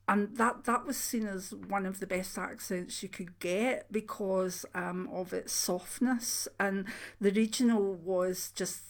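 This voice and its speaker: An older woman with a soft Scottish accent, chatting casually to her channel viewers, rambling with frequent ums and restarts. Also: mid-range voice, creaky. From Scotland. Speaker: channel host, retired clairvoyant. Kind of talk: casual chat to camera.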